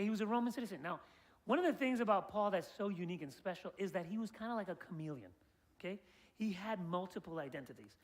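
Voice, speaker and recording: A man with a high-pitched voice leads a class through an interactive presentation, like a guide previewing a tour. He keeps tossing questions to his listeners and praising each answer. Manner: quizzes the audience and praises their answers. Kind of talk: interactive presentation to a student audience.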